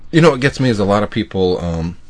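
A man hosting a podcast, chatting casually in a relaxed, rambling way. His voice sits on the low side, and he drifts and restarts as he talks. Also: fast. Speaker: podcast host. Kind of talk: casual chat.

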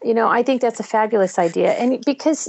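A woman's voice: on the high side, fast talker, vocal fry, a little mellow. A woman chatting casually and enthusiastically recommending apps, with frequent fillers. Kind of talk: casual chat.

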